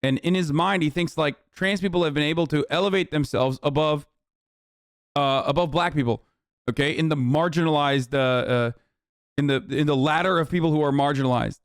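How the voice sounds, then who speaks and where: A male streamer rants at his audience in a high voice, swearing freely and punctuating points with "okay?". His tirades climb into yelling. The sound is dry and close, with no room around it. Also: a little fast, clean tone, no room sound. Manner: profane, repetitive "okay?" tags. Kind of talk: ranting reaction stream.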